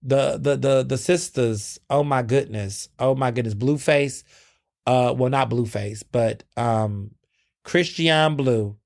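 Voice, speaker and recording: A young man hosting his own podcast, chatting casually and dramatically, with sudden jumps up in pitch. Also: slow, creaky. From United States. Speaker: podcast host. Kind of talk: casual solo commentary.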